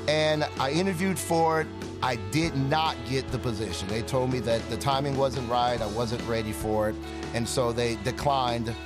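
A man sharing a personal testimony in an earnest, animated way, acting out the dialogue he quotes. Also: mid-range voice. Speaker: ministry partner giving a testimony. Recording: guitar music playing underneath. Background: soft guitar music.

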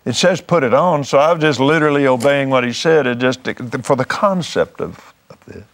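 A man's voice: medium pitch, animated, a little fast. Fervent folksy preacher man. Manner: fervent, folksy, repeats words as he restarts. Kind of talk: storytelling testimony.

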